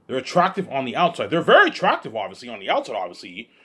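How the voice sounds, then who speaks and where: A man talking alone in a rambling monologue, repeating himself and swinging between loud outbursts and low mumbles. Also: wildly swooping pitch, rapid-fire, slightly rough. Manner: repetitive, keeps saying "you know what I'm saying". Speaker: host of his own listening series.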